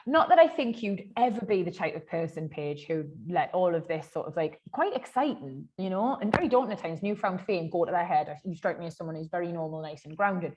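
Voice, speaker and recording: A woman, hosting a casual podcast chat, bubbly, swearing freely and laughing loudly. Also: on the low side, animated, fairly quick, hardly any pauses, muffled recording. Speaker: podcast host.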